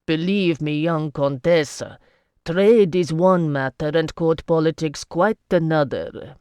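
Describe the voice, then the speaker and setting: Narrator reads a weary male merchant lord: slow, level, patient, dry close read. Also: mid-range voice, a little mellow, clear, resonant tone, no room sound, natural voice. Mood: grim.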